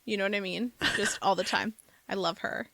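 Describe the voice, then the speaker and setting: A woman's voice: medium pitch, brisk, creaky, pushed and bright, dry recording. Woman, podcast co-host, giggly, playful, dry close mic. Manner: giggly, playful, breaks into silly voices and singing. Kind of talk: casual chat.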